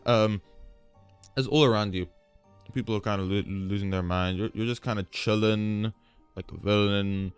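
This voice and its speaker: A man narrating a tabletop game as game master, chatty and animated, with many fillers. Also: fairly low pitch, normal speed, clear, resonant tone, no room sound, faint music behind.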